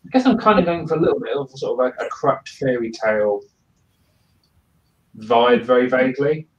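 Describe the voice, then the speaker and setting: A man's voice: mid-range voice, a little fast, roomy sound, recorded from a distance, muffled recording. A British man co-hosting a live writing stream, chatting casually in a wry, self-deprecating way. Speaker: regular co-host. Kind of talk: casual chat among writers.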